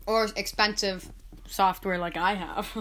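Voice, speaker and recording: Bright-toned woman, playful podcast co-host, easy laughs. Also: medium pitch, steady tone, takes it slowly. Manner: giggly, playful. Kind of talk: casual chat.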